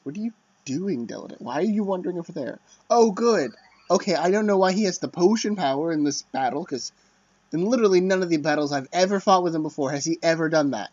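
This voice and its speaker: A man's voice: on the high side, animated, quick pace, darkish tone, no echo. A man casually commenting on a strategy game as he plays, chatty and self-deprecating, often muttering under his breath. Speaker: let's play commentator. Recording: dull lo-fi dry mic.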